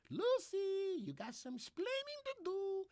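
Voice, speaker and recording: A man's voice: extremely high pitch, very animated, measured pace, warm tone, dry recording, clean studio sound, pitched above the performer's own voice, exaggerated voice. A man doing a comic, exaggerated put-on accent, voicing the stock market as a sulky person who refuses to go along. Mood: sulky refusal.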